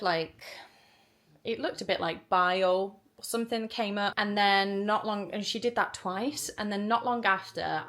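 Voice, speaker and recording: A woman telling a story to camera in a chatty vlog, full of "like" and acted-out dialogue. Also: mid-range voice. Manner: chatty, animated, lots of "like" and quoted dialogue. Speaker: vlogger.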